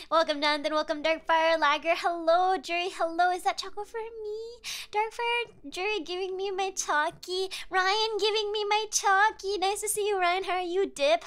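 A woman's voice: very high-pitched, fairly bright tone. A young woman streaming, chatting casually and greeting viewers by name with lots of giggles. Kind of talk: casual live-stream chat.

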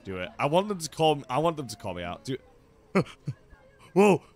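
A young man commentating on his gameplay, swearing freely and yelling when the game goes against him. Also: mid-range voice, very fast. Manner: excitable, swears a lot, yells in frustration. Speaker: gaming YouTuber.

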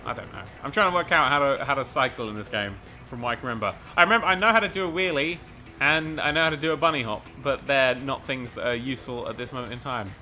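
A man commentating a video game race, excitable and sweary, rambling and mocking himself, a little out of breath. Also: mid-range voice, fast. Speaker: gaming commentator. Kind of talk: let's play commentary.

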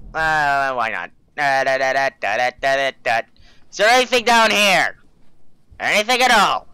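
Young canadian guy playing a horror game, slow jumpy talk, super bright gravelly voice. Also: sits high, dry recording. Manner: jittery, swings between mumbling, humming and yelling. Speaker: gaming YouTuber.

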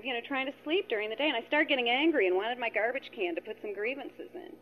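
A woman's voice: on the high side, expressive, quick pace, few pauses. A middle-aged woman sharing at a spiritual gathering, telling a tangled personal story with many asides and retold conversations. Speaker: participant sharing at a spiritual retreat. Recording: dull lo-fi recording.

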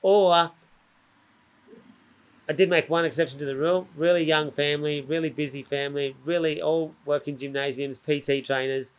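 A man's voice: on the high side, moderate pace. A man with an Australian accent, a podcast guest telling stories in a casual, rambling way with lots of slang and restarts. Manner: animated, acts out other people's lines. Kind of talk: casual storytelling chat.

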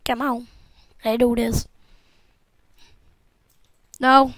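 A young woman giving casual, jokey let's-play commentary from home, excitable and talking back to the game as she plays. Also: fairly high pitch, drawn-out words, no echo, rough recording. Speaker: gameplay commentator.

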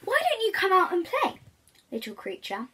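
A woman's voice: extremely high pitch, wildly swooping pitch, moderate pace, sharp tone, a little hiss or hum, pitched above the performer's own voice, exaggerated voice. A woman voicing a sly, hungry wolf in a storybook reading, wheedling and sweet-talking. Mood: coaxing.

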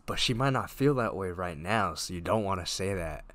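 A man casually commenting on a story game as he plays, reading chat lines aloud and reacting with quick offhand remarks and the odd swear. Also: lowish voice. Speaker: gamer playing through a story game. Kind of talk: casual let's-play commentary. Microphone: desk mic with face cam. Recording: loud game music behind the voice. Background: loud game music and keyboard typing.

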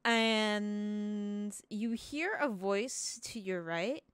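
A woman narrating a tabletop game as game master, relaxed and hesitant with many fillers. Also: mid-range voice, drawn-out words, smooth, dry recording.

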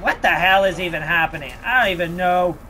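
A let's play host giving casual gameplay commentary, reacting loudly, swearing and talking back to enemies. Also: mid-range voice, a little fast, slight background noise.

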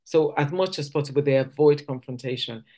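This Nigerian woman speaks in a low, dark-toned voice at a brisk clip. She's giving a conversational teaching talk at a church service, frequently restarting sentences and acting out quoted speech.

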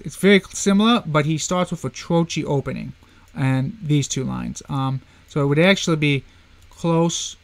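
A man with a fairly high voice teaches poetry in a loose, chatty way and keeps calling his viewers "guys." When he reads lines of verse, he slows down and leans on each stressed beat. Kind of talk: casual online poetry lesson.

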